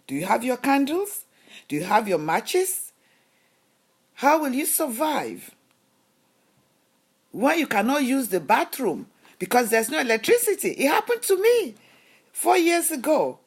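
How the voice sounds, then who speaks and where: A woman speaks in a husky, slightly high voice that swoops up and down as she lectures. She drives her points with rhetorical questions and emphatic, preachy advice in a motivational vlog. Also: big pitch swings, normal speed. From lives in Canada. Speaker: lifestyle vlogger. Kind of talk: motivational talk to camera.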